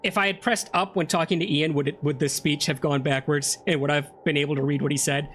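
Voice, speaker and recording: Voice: medium pitch, fairly even intonation, fast, fairly bright tone, slight background noise. A let's play host giving casual gameplay commentary, chatty and joking while reading game text aloud.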